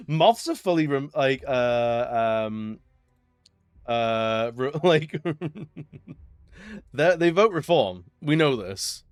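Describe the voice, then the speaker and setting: A man's voice: medium pitch, lively intonation, drawn-out words, smooth, dry recording, studio quality. A man streaming live, chatting casually, joking, laughing often and rambling between stories.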